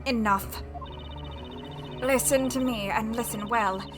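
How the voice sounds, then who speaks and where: A woman plays a proud, scheming noblewoman villain in a game, her voice pushed louder and a touch higher than her own as she sneers and commands. Game music sits clearly behind. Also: steady tone, slow. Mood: imperious. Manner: imperious, scornful, loud. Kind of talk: voicing game dialogue while streaming.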